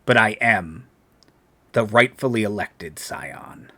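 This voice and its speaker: A man voicing a haughty male dwarf clan scion who speaks in a slow, clipped, menacing way. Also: fairly low pitch, pushed and bright, full character voice. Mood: cold, haughty.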